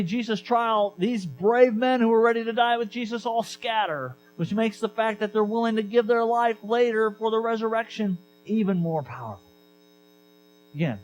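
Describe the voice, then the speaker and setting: A man preaching a sermon as pastor, conversational and animated, repeating key lines for emphasis. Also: high-pitched, slight background noise, poor audio.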